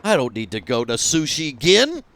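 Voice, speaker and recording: A young male streamer chats casually over his game, joking and swearing freely. His voice sits a little high and swings widely, with sudden loud outbursts. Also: huge pitch swings, moderate pace.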